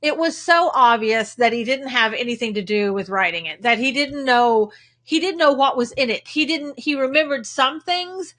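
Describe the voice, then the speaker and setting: Bright-voiced woman hosting a livestream. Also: high voice, expressive, normal speed. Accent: Texan. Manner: chatty, greets viewers by name mid-sentence. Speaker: livestream host. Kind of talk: casual livestream chat greeting viewers. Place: home in Texas.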